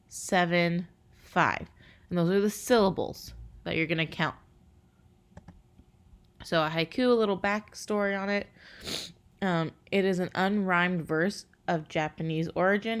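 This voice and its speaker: A woman teacher recording a lesson for her class, talking casually with many fillers and slowing down to count syllables aloud. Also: fairly low pitch.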